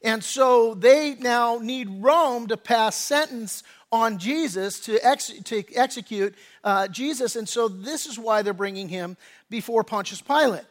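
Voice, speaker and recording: A man's voice: very high voice, measured pace. A man preaching a sermon as pastor, talking conversationally with frequent restarts and acting out quoted lines in a casual voice. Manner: acts out quoted speech in a casual voice.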